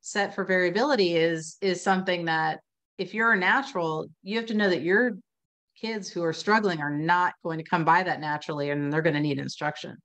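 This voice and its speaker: A chatty woman on a video call, her voice sitting on the lower side. She talks in an animated, storytelling way, peppered with fillers. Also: fairly quick. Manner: chatty, lots of "you know" and "like", animated storytelling. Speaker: reading instruction expert. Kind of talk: casual webinar conversation.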